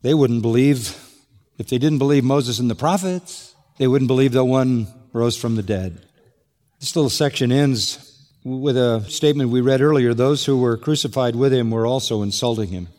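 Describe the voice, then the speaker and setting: A man's voice: mid-range voice, moderate pace, darkish tone, in a large hall. A man preaching an expository sermon, emphatic and building to exclamation on key points. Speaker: pastor.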